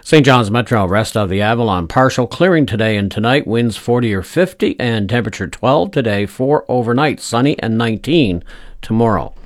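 A man reading a radio news bulletin and weather forecast in a measured, formal way from a radio studio. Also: mid-range voice, expressive, dry recording. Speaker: newsreader.

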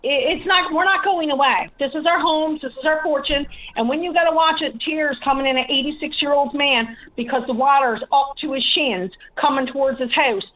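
A woman calling into a radio show, upset and insistent, speaking in halting bursts. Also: high voice. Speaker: caller. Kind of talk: phone-in call. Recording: tinny phone line.

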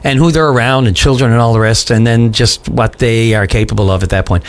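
A man's voice: mid-range voice, steady tone, brisk. A man hosting a call-in radio show, talking sympathetically and chattily with callers, full of fillers. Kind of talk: casual call-in radio talk.

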